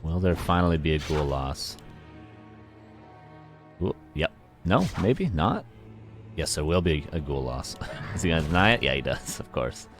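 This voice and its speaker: Male esports caster with a very deep voice, chatty play-by-play over game music. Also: moderate pace, pauses often, a bit bright. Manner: chatty, talks to the chat and laughs at himself. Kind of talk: live play-by-play game commentary. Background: game music and sound effects.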